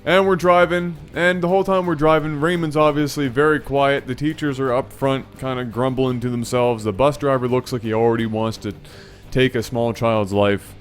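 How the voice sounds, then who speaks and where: A man spins a comic personal story for his channel with animated energy. He stumbles over and corrects his own words, then jumps into playful voices. His pitch sits in a middle range, with faint music under him. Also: moderate pace, few pauses, smooth. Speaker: channel host. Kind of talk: storytelling vlog.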